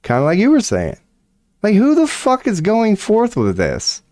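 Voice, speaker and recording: Animated, profanity-laden man ranting. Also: high-pitched, unhurried, no echo. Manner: profane, incredulous, laughs often. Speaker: streamer. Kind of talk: casual ranting commentary.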